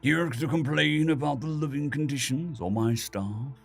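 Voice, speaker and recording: A man's voice: a little high, moderate pace, creaky, slightly rough, faint music behind. A man doing a sibilant, seductive fallen angel king. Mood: haughty. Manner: languid and haughty, formal old-fashioned phrasing. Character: bored, seductive male fallen angel ruler, haughty and menacing.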